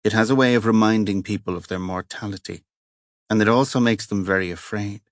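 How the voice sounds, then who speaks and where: A man's voice: lowish voice, steady tone, brisk, dry recording, studio quality, natural voice. A man voicing a guarded police inspector. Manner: cautious and clipped. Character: guarded, tense male police chief inspector.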